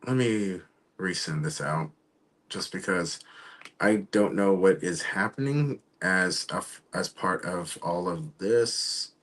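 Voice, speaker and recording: A man hosting his own live online show, talking casually and haltingly while he waits for his guests. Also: deep voice, fairly bright tone. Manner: rambling, halting, trails off. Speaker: show host. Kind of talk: casual livestream talk.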